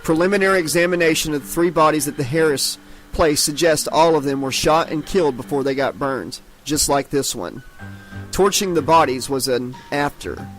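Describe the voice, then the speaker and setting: A man's voice: a little high, moderate pace, faint music behind, natural voice. A man voicing a grim, businesslike small-town sheriff in a storybook reading.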